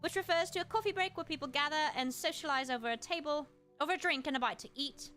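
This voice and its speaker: A woman streamer in casual chat, reading aloud and musing with quick asides to her chat. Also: high voice, pushed and bright, faint music behind. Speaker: streamer host.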